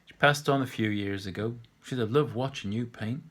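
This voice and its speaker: A man's voice: medium pitch, moderate pace, a bit bright, natural voice. A man reading a story aloud and voicing a lonely, chatty elderly widower who rambles on. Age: older.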